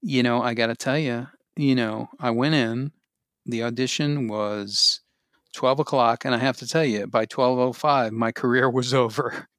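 Man, actor, wry, halting storytelling, mid-range voice, dry sound. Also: mid-range voice, steady tone, a bit bright, dry recording. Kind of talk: casual chat.

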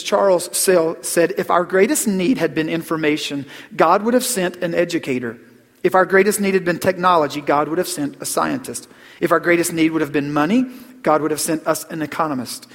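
A middle-aged man preaching a Christmas sermon as pastor, earnest, repeating words and dropping to a hush on key phrases. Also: high voice. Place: church sanctuary. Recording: long hall reverb.

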